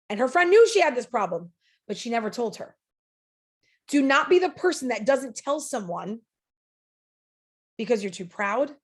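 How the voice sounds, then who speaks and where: A woman's voice: a little high, husky. A woman speaking as a podcast guest, telling a story in an earnest, emphatic, motivational way. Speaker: podcast guest, sales leader.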